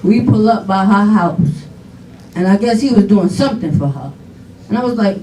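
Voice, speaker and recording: A woman's voice: mid-range voice, moderate pace. Woman telling family stories. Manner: animated, laughing storytelling with quoted dialogue. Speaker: daughter giving a eulogy. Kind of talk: storytelling eulogy at a funeral. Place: funeral home chapel. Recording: echoey hall, voice from far off, faint noise.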